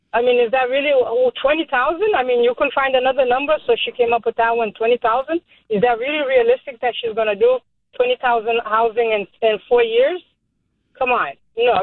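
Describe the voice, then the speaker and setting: A woman's voice: on the high side, no echo. Cape Verdean woman on a phone line. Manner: emphatic, skeptical, questioning. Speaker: caller. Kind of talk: call-in radio chat.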